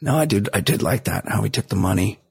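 A man's voice: lowish voice, lively intonation, fast, gravelly, a little mellow, husky, no room sound. A man hosting a comedy podcast, riffing and joking crudely in casual chat.

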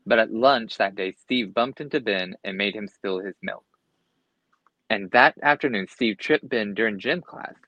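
A man's voice: lowish voice, moderate pace, pushed and bright, no room sound, muffled recording. A man reading a children's storybook aloud expressively, with occasional slips and restarts. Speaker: storybook reader.

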